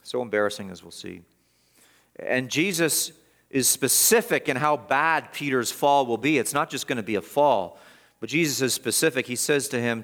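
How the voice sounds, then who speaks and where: A middle-aged man preaching a sermon, his voice at an ordinary male pitch. He is emphatic, pressing his points hard, then falling to soft, low asides. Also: animated, normal speed. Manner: emphatic, building to raised intensity and dropping soft. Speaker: pastor.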